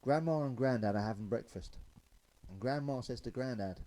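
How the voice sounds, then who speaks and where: A man's voice: medium pitch, moderate pace, warm tone, a little hiss or hum, poor audio. A man telling stand-up jokes, loose and chatty, chuckling at his own punchlines. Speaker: stand-up comedian.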